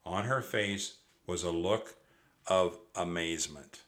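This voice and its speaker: Low, forceful male voice reading a children's chapter book aloud, expressive delivery with slight stumbles. The tone stays bright and firm. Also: slow. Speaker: narrator. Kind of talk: children's storybook read aloud.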